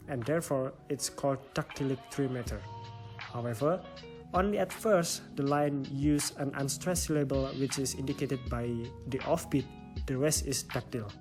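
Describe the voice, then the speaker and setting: A young man with an Indonesian accent, a student presenting a stylistics lesson and explaining it step by step. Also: fairly high pitch. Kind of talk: reading a class presentation.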